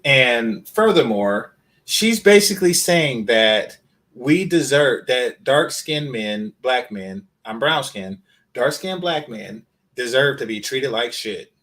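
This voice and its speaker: A man's voice: mid-range voice, lively intonation, takes it slowly, a bit bright. A man doing reaction commentary in a blunt, profane, emphatic way.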